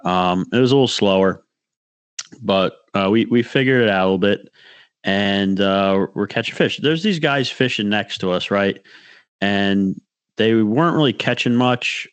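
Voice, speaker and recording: Low-voiced man telling a long fishing story. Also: normal speed, clear, resonant tone, no echo. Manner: rambling storyteller, restarts, acts out quotes. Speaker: podcast co-host. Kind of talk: casual fishing story chat.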